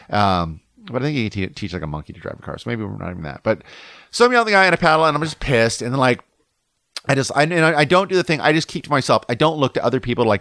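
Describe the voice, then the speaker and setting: A man's voice: mid-range voice, a bit bright, no room sound, clean studio sound. A middle-aged man from Southern California hosting a podcast, telling a rambling, profane story in a casual, heated way. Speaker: podcast host.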